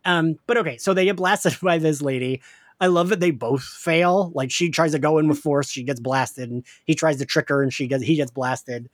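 A man from the Philadelphia area with a slight Philly accent, co-hosting a casual podcast and recapping a show, animated and laughing often. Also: fairly high pitch, moderate pace, no room sound, clean studio sound. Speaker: podcast co-host.

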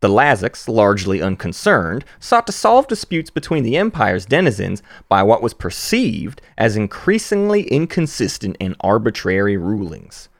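A man putting on an American Southern accent to voice a male spokesman of a rebel human federation, reading game lore aloud in a measured storytelling delivery. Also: lowish voice, sing-song, gravelly, no room sound. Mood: grandiose.

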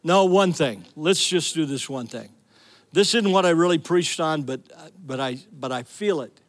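High-voiced pastor preaching with energy. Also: male voice, normal speed. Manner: energetic storytelling, calls out to the congregation. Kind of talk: sermon.

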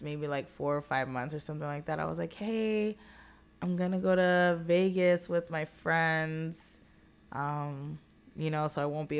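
A woman's voice: low voice, clean tone. A young woman chatting casually on a podcast, candid and profane, telling a dating story with many fillers. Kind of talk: casual chat.

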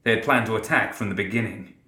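A man narrating a dark fantasy story in a steady, dramatic way. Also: lowish voice, fast talker, roomy sound. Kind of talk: scripted narration.

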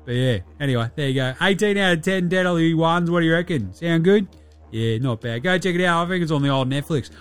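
A man's voice: a little high, animated, a little fast, clean tone, natural voice. A man putting on a rowdy Aussie baller. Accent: Australian. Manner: crude, boisterous, swearing constantly. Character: brash foul-mouthed young Australian male basketball player.

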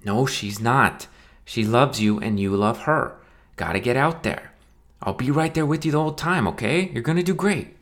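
An anxious young best man, as a male narrator puts him on, coaxing and pleading in a voice pushed well above the reader's own. He talks earnestly and urgently, climbing higher as he begs his friend. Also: normal speed, fairly bright tone, natural voice.

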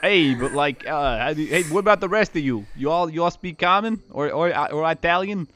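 Man, game master, casual tabletop narration, lively swinging pitch, faint background noise. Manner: casual, laughing, slips into quick character voices.

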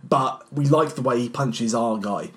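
A man co-hosting a film rewatch podcast, talking in a casual, animated way with lots of fillers and swearing. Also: medium pitch, a little slow. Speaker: podcast co-host.

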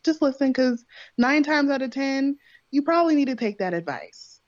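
A woman's voice: sits high, lively intonation, normal speed, no room sound, lo-fi sound. A woman talking casually and earnestly, giving emphatic advice about listening to others. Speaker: co-host. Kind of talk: casual reflective chat.

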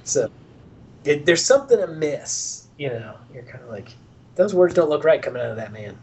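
A man's voice: fairly high pitch, sing-song, moderate pace, a little mellow, husky. A man co-hosting a casual movie review podcast, making wry, sarcastic remarks about the film. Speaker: podcast co-host.

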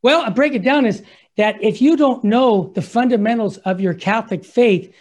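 A man hosting a Catholic radio talk show who tells stories with growing excitement and gets carried away. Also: very high-pitched, normal speed. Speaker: radio host.

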